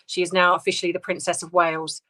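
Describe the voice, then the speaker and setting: A woman hosting a casual livestream, reading out viewer comments and answering in a soft, hesitant, sympathetic way with many restarts. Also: fairly low pitch, level tone, fast. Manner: sympathetic, tender replies to viewers.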